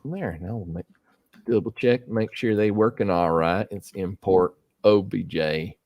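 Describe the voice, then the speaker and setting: In a lo-fi recording with no room sound, a middle-aged man with a lowish voice unhurriedly hosts a casual livestream. He thinks aloud while working, rambling and using lots of fillers.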